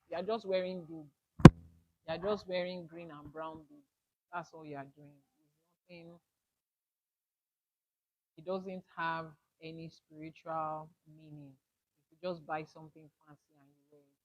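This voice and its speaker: A woman leading a spiritual class, emphatic, repeating her key points and asking rhetorical questions. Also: fairly low pitch. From Nigeria. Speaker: Ifa spiritual teacher. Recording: dull lo-fi audio.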